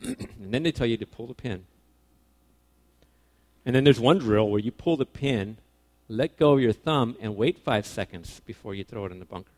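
Casual, animated man preaching a sermon. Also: medium pitch, normal speed, pauses often. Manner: animated, swings between loud emphasis and quiet asides; casual, self-correcting, informal phrasing. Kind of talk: conversational sermon to young people.

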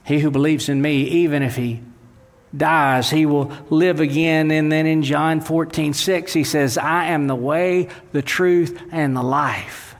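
A male pastor preaching a sermon, animated, dropping low and slow when quoting scripture. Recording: long reverb of a large hall.

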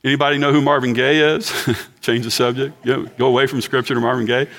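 A man's voice: mid-range voice, little pitch movement, quick pace, fairly bright tone. A man in his sixties preaching a sermon in a church, chatting and joking with the congregation. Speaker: pastor.

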